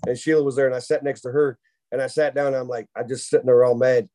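A man, co-hosting a podcast and telling a long funny story in a casual, animated way, often laughing. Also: medium pitch, fast. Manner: animated storyteller who laughs through his own tale. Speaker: podcast co-host.

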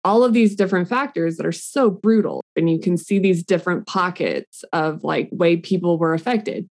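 A woman's voice: lowish voice, moderate pace, a little mellow. A woman co-hosting a podcast, explaining ideas earnestly with casual "like" fillers. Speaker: podcast co-host. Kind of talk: casual chat.

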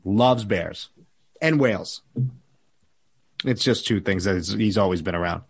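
A man hosting a podcast, telling a profane, animated story in casual chat. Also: deep voice, unhurried, gravelly, breathy edge. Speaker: podcast host.

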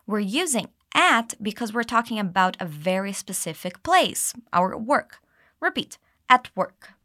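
A woman teaching English, explaining dialogue lines and modeling them slowly for learners to repeat. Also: medium pitch, pushed and bright, no echo, studio quality. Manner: clear, slow modeling of phrases with exaggerated intonation. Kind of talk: English lesson with repeat-after-me drills.

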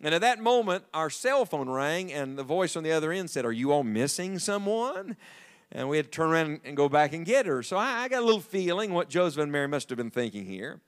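Preacher guy, middle-aged, pitch jumps all over, kinda high voice, tells stories and jokes to the crowd. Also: fast talker, few pauses, clean tone. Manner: folksy, animated storytelling with jokes to the congregation. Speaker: evangelist preacher. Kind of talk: sermon.

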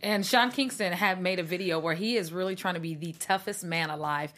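A woman co-hosting a casual entertainment news chat, animated and opinionated, laughing easily. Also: lowish voice, a little fast.

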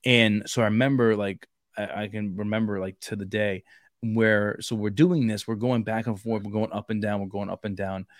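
A man on a podcast, telling a long story in casual chat, rambling and full of fillers, growing loud when he acts out shouting. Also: lowish voice, fairly even intonation, moderate pace, no echo. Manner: rambling, repeats fillers like "like" and "bro". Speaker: podcast co-host.

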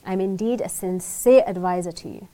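Mellow-voiced woman teaching a Quran lesson. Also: lowish voice. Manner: conversational, often checks in with "right?"; recites Arabic verses quickly, then explains in English. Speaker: Islamic teacher. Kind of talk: religious lesson on Quran verses.

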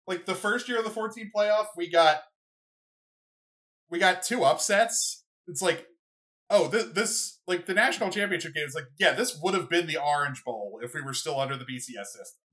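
Rambling, excitable sports podcast host. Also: medium pitch, moderate pace. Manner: rambling, filler-heavy, excitable. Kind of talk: casual solo sports podcast rant.

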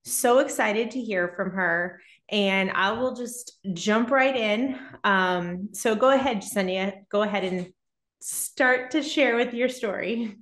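A woman hosting a podcast, introducing her guest in a brisk, friendly way. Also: mid-range voice, fairly bright tone. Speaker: podcast host. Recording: roomy echo.

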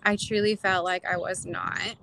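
A woman's voice: mid-range voice, level tone, moderate pace, vocal fry, pushed and bright, slight background noise. A young woman, a mother, talking candidly as a podcast guest, often laughing and acting out quoted lines. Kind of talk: casual interview chat.

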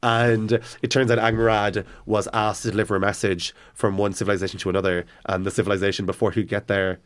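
A man's voice: lowish voice, flat delivery, fast. A man in casual chat, retelling stories with enthusiasm and plenty of fillers and restarts.

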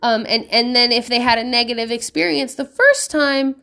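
Casting: woman, 30s, mom of five, slightly high voice, frank and foul-mouthed, laughs a lot. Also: normal speed, bright, forceful tone. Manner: candid and profane, laughing often. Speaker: mother of five giving parenting advice. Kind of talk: casual monologue.

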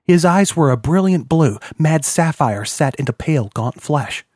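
A man reading an audiobook in a measured, descriptive manner. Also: a little high, animated, darkish tone, no echo, studio quality. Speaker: audiobook narrator. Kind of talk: scripted narration.

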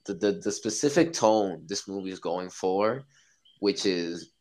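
Podcast guest, male, lowish pitch, animated and profane. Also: measured pace, poor audio. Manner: excited, swearing, acts out his own reactions. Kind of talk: casual podcast chat.

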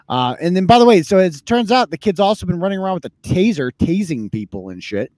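A man's voice: sits high, sing-song, fast, hardly any pauses, a little mellow, no room sound. A man hosting a live podcast, commenting bluntly and mockingly on viral videos with plenty of swearing. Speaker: podcast host.

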